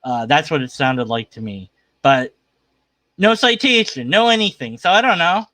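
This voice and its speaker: A man's voice: fairly high pitch, animated, normal speed, pushed and bright, dry recording. A man hosting a livestream, giving casual, skeptical commentary on a video in a rambling, argumentative way. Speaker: livestream host reacting to a video.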